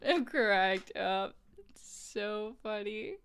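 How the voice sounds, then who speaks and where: A woman streamer with a smooth, fairly bright mid-range voice talks slowly and casually with viewers while she crochets. She sounds incredulous, laughs a lot, and peppers her speech with "like."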